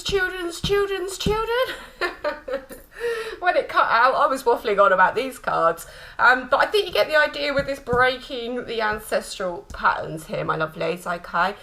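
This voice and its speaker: With a high, bright, forceful voice, a tarot reader chats affectionately through a spiritual card reading on camera. Frequent laughter and repeated "my lovelies" and "okay?" mark her delivery, captured in a low-quality recording.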